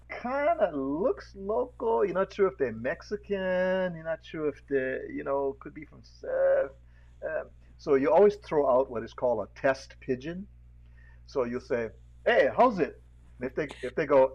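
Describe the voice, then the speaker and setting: A man hosting a casual video podcast, with a lilt, telling animated stories and acting out the voices of the people in them. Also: fairly high pitch, moderate pace, gravelly, dull audio. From Hawaii. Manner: animated storyteller, acts out voices, laughs often. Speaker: podcast host. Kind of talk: casual chat with storytelling. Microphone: video call.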